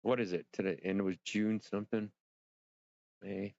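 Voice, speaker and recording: A man hosting a casual livestream, rambling and excitable, swearing freely and talking straight to his viewers. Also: fairly low pitch, moderate pace, no room sound, muffled recording. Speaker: livestream host.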